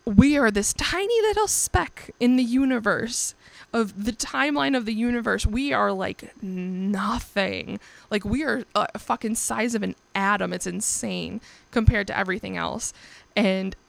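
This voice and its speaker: A young woman with a gravelly, creaky edge to her voice talks casually through her own podcast. She is candid and profane and laughs often, and the sound is dry and close with no room behind it. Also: fairly high pitch, a little slow, dry recording. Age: young adult. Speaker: podcast host. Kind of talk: casual solo podcast chat.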